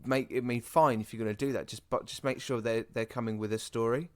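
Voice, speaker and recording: A hoarse British man co-hosting a podcast in a chatty, rambling way. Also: mid-range voice, steady tone, fairly quick. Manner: chatty, rambling asides, repeats himself. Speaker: podcast co-host. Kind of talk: casual podcast chat.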